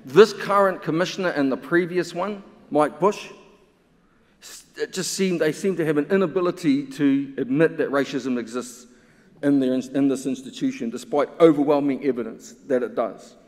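A man's voice: on the high side, moderate pace, a little mellow. A man, a researcher giving an impassioned symposium talk full of pointed rhetorical questions. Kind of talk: conference talk. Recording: long hall reverb.

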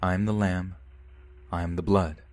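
A man voicing a cold, commanding male cult leader who gives terse, quiet orders in a horror story. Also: sits low, fairly even intonation, normal speed, dry recording, close to an everyday voice.

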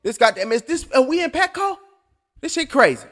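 A man calling a boxing fight blow by blow, loud and excitable, cursing freely and joking between punches. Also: very high voice, brisk. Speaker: boxing commentator. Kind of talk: live blow-by-blow commentary.

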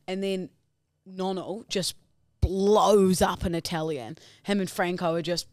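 A woman co-hosting a podcast, telling family stories in a lively, laughing way with lots of "like" and "you know". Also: on the low side, normal speed, no echo, clean studio sound. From New Zealand. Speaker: podcast co-host. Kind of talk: casual chat.

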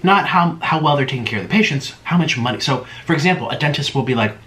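A man's voice: medium pitch, lively intonation, fast, pushed and bright. A man chatting casually to viewers while eating, humming with his mouth full between sentences. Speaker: mukbang vlogger.

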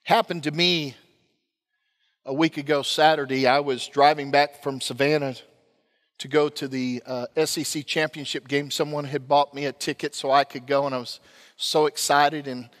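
Male pastor, animated storyteller, self-mocking sermon, ringing sanctuary sound. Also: a little high, moderate pace, long reverb tail.

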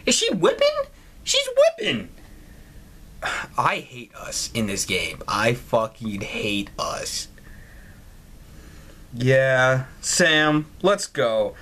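A man hosting a gaming channel, doing loud, profane let's play commentary with lots of incredulous outbursts. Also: medium pitch, wildly swooping pitch, slow, gravelly, long pauses, breathy edge. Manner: loud, swearing, incredulous, laughs a lot.

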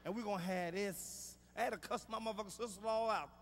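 A man doing a stand-up comedy routine on stage, ranting loudly with a profane, hard-hitting delivery. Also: high voice, steady tone, quick pace, long reverb tail, slight background noise.

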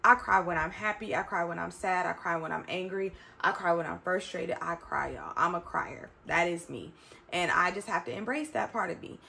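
A woman's voice: fairly low pitch, normal speed, creaky, bright, forceful tone. A woman in her thirties talking to her viewers in a chatty, emphatic way, often calling them y'all. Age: 30s. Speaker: vlogger. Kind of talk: reflective casual talk to camera.

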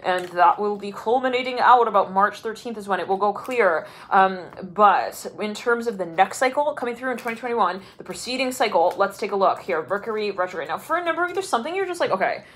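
A woman's voice: mid-range voice, expressive, fast, few pauses, fairly bright tone. Chatty woman giving a rambling tarot reading. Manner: chatty, rambling, laughs often, many fillers. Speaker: tarot reader.

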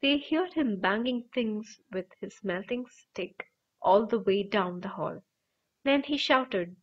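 A woman reads a children's novel aloud, telling the story with lively expression. Her voice sits at a middle pitch, and the recording sounds dull and lo-fi. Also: a little slow. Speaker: audiobook reader. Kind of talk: audiobook narration.

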